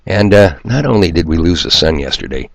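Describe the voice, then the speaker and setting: Deep gravelly man ranting sarcastically. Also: expressive, a little fast, no echo. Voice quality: nasal twang. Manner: sarcastic, profane, self-mocking. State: hay fever. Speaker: solo video commentator. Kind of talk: ranting monologue to viewers.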